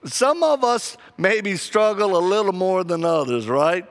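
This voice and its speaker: A man preaching a sermon with animated, humorous storytelling. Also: sits high, a little slow.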